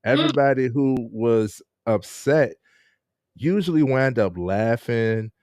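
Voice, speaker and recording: A man's voice: mid-range voice, animated, slow, darkish tone, no echo, clean studio sound. A man hosting a casual live-streamed interview, chatting with viewers and laughing often. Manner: laid-back, laughs often, chats with viewers.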